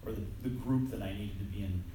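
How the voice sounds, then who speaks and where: A man's voice: fairly low pitch, fast talker, dark tone. A man preaching a sermon in a church hall, conversational and self-deprecating, with frequent restarts. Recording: echoey hall from far off, faint noise.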